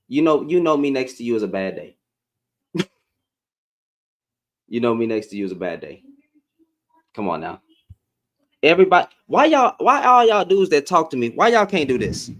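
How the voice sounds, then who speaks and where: A man speaking, hosting a livestream in a heated, confrontational, slangy rant. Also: lowish voice. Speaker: live-stream host.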